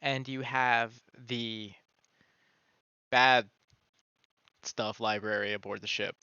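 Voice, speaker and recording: A man running a tabletop game as game master, playful and animated as he narrates. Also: lowish voice, measured pace, clean tone, dry recording, muffled recording. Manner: playful, animated, easily laughing.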